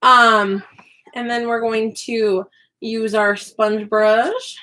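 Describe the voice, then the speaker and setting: A woman chats on a live stream as she works on a craft project. She is chatty, apologizes often and pokes fun at herself. Her voice sits a little high and sounds bright and forceful. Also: extremely slow. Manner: chatty, apologetic, self-deprecating. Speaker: online English teacher and YouTuber.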